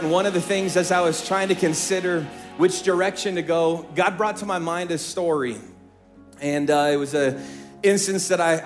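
A middle-aged male pastor preaching a sermon from a church stage, telling a story in hushed tones and rising into emphatic preaching. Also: a little high.

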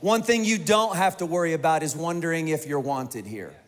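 High-voiced pastor in a reverberant church. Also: male voice, brisk. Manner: conversational and joking with the congregation. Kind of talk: sermon. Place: large church auditorium. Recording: reverberant church hall with congregation and music.

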